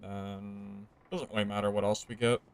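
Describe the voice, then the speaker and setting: A young man streaming a video game, chatting casually to viewers, jumping from excited outbursts to low, deflated grumbling. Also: normal speed, slight background noise. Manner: swings from excited yelling to mumbled, deflated grumbling. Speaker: gaming streamer. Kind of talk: casual gameplay commentary.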